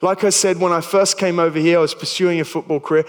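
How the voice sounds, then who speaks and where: Fast and steady in tone, a slightly high male voice fills a large church hall as an Australian man in his thirties preaches. He stumbles along chattily, throwing in self-deprecating jokes.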